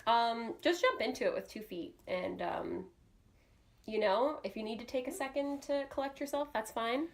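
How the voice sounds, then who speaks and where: Co-host, woman, young adult, slightly high voice, easygoing advice-giver. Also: moderate pace. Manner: chatty, advice-giving, many fillers. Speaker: podcast co-host. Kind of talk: casual podcast chat.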